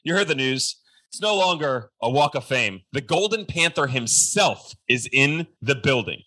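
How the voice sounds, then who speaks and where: A man hosting a sports podcast, talking in a loud, energetic hype-man style. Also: mid-range voice, moderate pace. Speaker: podcast host. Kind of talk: hyped-up casual interview.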